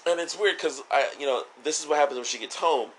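A man's voice: a little high, fast, fairly bright tone, a little hiss or hum, poor audio. A man co-hosting a podcast in casual chat, joking and rambling with lots of fillers. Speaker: podcast co-host.

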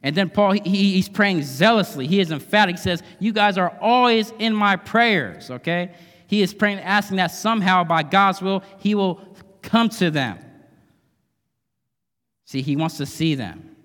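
With a high, slightly bright voice at a moderate pace, a male guest preacher gives an emphatic yet conversational sermon in a church sanctuary. He often adds tag questions, and the long reverb of the hall is audible.

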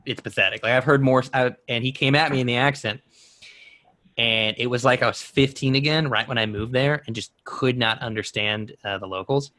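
A man's voice: mid-range voice, fairly even intonation, brisk, pushed and bright, no room sound. A man in his twenties chatting casually as a podcast co-host, rambling through a personal story with many restarts. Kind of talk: casual chat.

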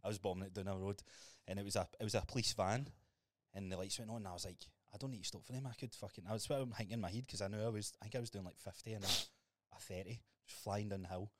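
A man's voice: lowish voice, steady tone, quick pace, a little hiss or hum. A young man with a Scottish accent, co-hosting a podcast and telling stories in a sweary, laughing way. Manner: storytelling, sweary, laughs often. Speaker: podcast co-host. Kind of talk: casual chat.

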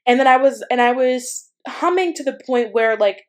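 A woman's voice: high-pitched, expressive, normal speed. A woman casually telling a personal spiritual story. She rambles, often saying "like" and "um" and restarting her sentences. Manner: rambling, many fillers and restarts. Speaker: spiritual channeler.

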